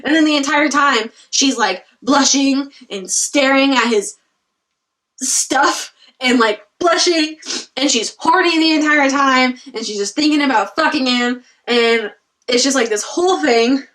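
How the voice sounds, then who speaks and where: A woman's voice: high voice, a little slow, distant mic. Young woman ranting about a book. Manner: animated, exasperated retelling with frequent "like" and laughs. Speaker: book reviewer. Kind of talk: casual chat.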